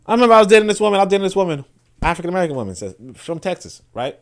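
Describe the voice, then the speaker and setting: A man hosting a podcast, giving animated, profane, casual political commentary and often repeating words as he restarts sentences. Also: high-pitched, very fast. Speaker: podcast host.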